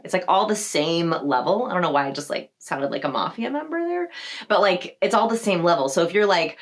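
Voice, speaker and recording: A woman's voice: fairly low pitch, animated, a little fast. A woman hosting a social skills tutorial, talking to camera in a playful way and acting out sample replies in different voices. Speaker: social skills video host. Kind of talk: upbeat tutorial talk to camera.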